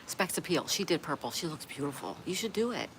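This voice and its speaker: This livestream host, a woman, speaks low, very animated, and a little fast as she reads viewer comments and laughs along in response. There's noticeable noise in the background.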